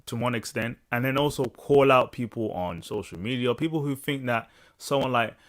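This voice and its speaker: A man from the UK talking casually on a podcast panel, animated and halting with restarts. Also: mid-range voice, no echo. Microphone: headset over video call.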